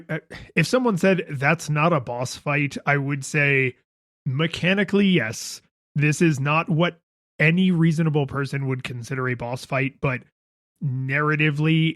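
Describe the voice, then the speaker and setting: Man in his thirties, podcast co-host, wry and emphatic, quick to laugh, slightly high voice, dry sound. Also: a bit bright, dry recording. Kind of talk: casual chat.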